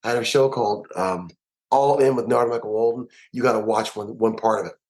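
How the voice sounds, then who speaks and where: A man, a musician and producer, telling stories in an interview with an emphatic, animated way of talking and lots of repeated words. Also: lowish voice, brisk, poor audio. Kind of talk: storytelling interview.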